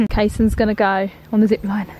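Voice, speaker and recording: A woman's voice: mid-range voice, flat delivery, moderate pace. A woman in her thirties with an Essex accent, talking casually to camera in a rambling vlog style. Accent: Essex English. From Essex, England. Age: 30s. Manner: chatty, rambling, lots of "like". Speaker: family vlogger. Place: outdoor park with a play area. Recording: noisy outdoor phone recording. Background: outdoor noise and children.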